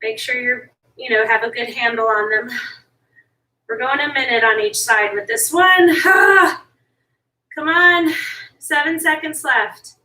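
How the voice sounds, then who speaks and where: High, bright woman coaching a workout. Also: unhurried. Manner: motivating, pushes listeners to keep going. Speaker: fitness instructor. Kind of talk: workout coaching while exercising. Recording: echoey room, distant from mic.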